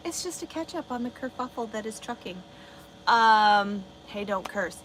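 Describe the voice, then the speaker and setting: Woman trucker livestreamer, blunt and profane, mid-pitch, noisy background. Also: normal speed, fairly bright tone. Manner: blunt, swears a lot, talks back to chat. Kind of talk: casual livestream chat reading comments.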